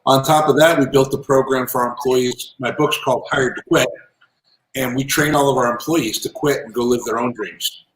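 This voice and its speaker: A man telling lively business anecdotes as an interview guest, in a casual, animated manner. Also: medium pitch, normal speed, a little hiss or hum. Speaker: guest, entrepreneur and author. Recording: roomy echo.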